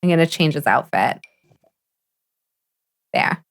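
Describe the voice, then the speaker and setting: Excitable woman gushing over a game. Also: deep voice, takes it slowly, soft background music. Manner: excitable and gushing, gasps and laughs often. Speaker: streamer. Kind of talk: casual live gameplay commentary.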